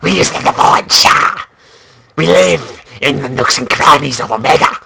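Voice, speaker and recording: A man voicing a screeching male vulture creature that despises humans, with a strained, shouted rasp. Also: mid-range voice, measured pace, background noise. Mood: disgusted.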